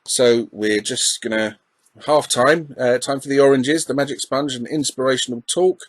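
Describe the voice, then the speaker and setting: A man's voice: medium pitch, fairly even intonation, moderate pace, no echo, low-quality recording. A middle-aged man with an Essex accent giving chatty, self-deprecating commentary over gameplay, with plenty of ums and uhs. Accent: English, Essex. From England. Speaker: retro gaming YouTuber.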